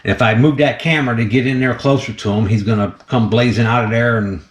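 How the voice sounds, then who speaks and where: A man's voice: medium pitch, steady tone, fast, roomy sound. A man hosting a casual vlog while feeding a snake, chatty and laughing often as he talks to the animal. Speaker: snake keeper and channel host.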